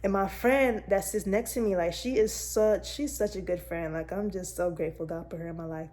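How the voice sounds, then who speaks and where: A woman's voice: medium pitch, moderate pace, a little mellow. A young woman vlogger chatting candidly to her viewers, telling a personal story in a casual, direct way.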